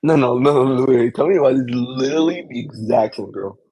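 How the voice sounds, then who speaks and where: A man co-hosting a podcast in casual chat, swearing and reacting quickly. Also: medium pitch, mellow, breathy edge, dry recording, rough recording. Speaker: podcast co-host.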